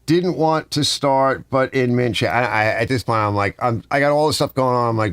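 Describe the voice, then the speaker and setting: A man's voice: medium pitch, a little fast, few pauses, dry recording, clean studio sound. A man hosting a casual garage livestream, rambling through stories and mimicking other people's lines. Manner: rambling, animated storytelling with mimicked dialogue. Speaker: garage channel host. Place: home garage workshop.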